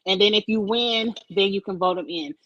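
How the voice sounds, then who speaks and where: A woman co-hosting a relaxed online chat, holding forth with slangy, opinionated takes. Her voice sits mid-range and is picked up close on a dry microphone with no room sound. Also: medium pitch, moderate pace, no echo, dull audio. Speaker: podcast co-host. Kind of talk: casual reality-TV chat. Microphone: desk mic.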